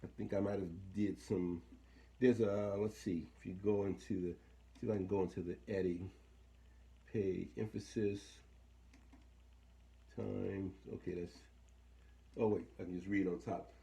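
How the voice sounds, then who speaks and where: A man's voice: on the low side, gravelly, mellow. A man talking casually through a hands-on equipment demo, thinking aloud and trailing off mid-sentence. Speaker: equipment demonstrator.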